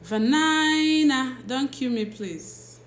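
A woman of medium pitch, expressive and fairly bright, is heard in an echoey space through a phone or laptop livestream. A teacher by trade, she hosts at an unhurried pace, chatting, laughing frequently, and greeting viewers as she reads their names.

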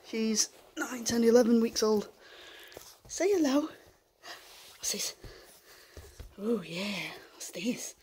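A woman filming a casual home vlog in her living room, talking softly and in coaxing baby talk to a puppy, often half-whispering, on a handheld camera. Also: fairly high pitch, slow, a little hiss or hum. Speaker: vlogger.

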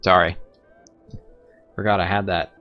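A man's voice: level tone, unhurried, dull audio, soft background music. A young man rambling casually through gameplay commentary, joking and going off on tangents. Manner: rambling, joking, talks to his pets in a squeaky baby voice. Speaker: gaming streamer.

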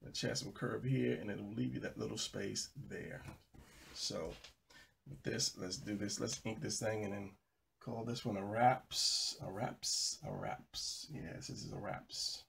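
Man, drawing instructor, low voice, gravelly, low-key, sleepy, tutorial narration. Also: steady tone, a little slow, fairly bright tone, a little hiss or hum. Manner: low-key, tired, talks while sketching. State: sleepy early morning.

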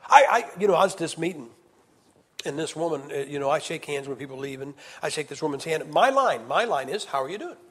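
A man preaching an evangelist's sermon at a camp meeting, swinging from loud to hushed. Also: fairly high pitch, expressive, brisk, slightly rough. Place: church hall. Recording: reverberant hall sound.

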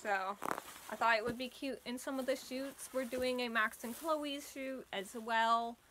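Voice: medium pitch, fairly even intonation, measured pace, sharp tone, slight background noise. A cosplay vlogger talking casually at home while setting up a photoshoot, speech slightly slurred by costume fangs, tired from an early start and laughing often. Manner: chatty, laughs often, trails off. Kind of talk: casual vlog chat.

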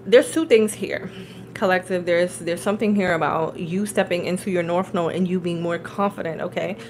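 A woman giving a casual tarot reading, telling a story in a chatty, animated way, laughing often and checking in with her listeners. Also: lowish voice, normal speed, a little hiss or hum, poor audio. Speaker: tarot reader and spiritual coach.

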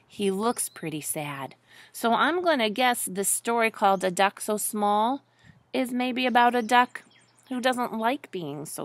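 A woman with a mid-range voice reads a picture book aloud to children, gently asking them questions as she goes. There is no echo in the recording.

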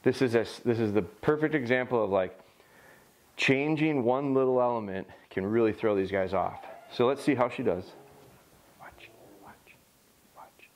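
A man's voice: mid-range voice, moderate pace, darkish tone. A man who trains bird dogs, casually explaining what he is doing as he works a young dog outdoors. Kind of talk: casual training vlog commentary.

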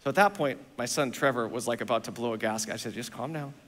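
Bright-voiced pastor in an echoing sanctuary. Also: male voice, medium pitch, fast. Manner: animated, self-mocking anecdote with acted-out dialogue. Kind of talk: sermon storytelling. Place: church sanctuary. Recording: long reverb of a church hall.

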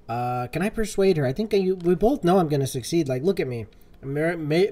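A man's voice: fairly high pitch, lively intonation, fairly quick, dark tone. A young man casually commenting on a role-play game, joking and talking back to the characters. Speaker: gaming video host.

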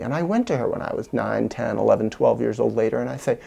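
A man recounting a childhood story in a reflective monologue, acting out quoted lines with whispers and bursts of higher pitch. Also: quick pace, vocal fry, dark tone, husky. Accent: American. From United States. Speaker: video essayist on parenting.

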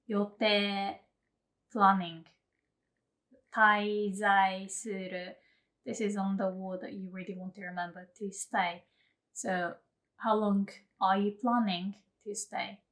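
A woman teaching a casual spoken lesson. She chats with fillers and laughs, and says example phrases slowly and clearly before repeating them. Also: mid-range voice, a bit bright. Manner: chatty, laughs, many fillers like "um" and "you know". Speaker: language teacher.

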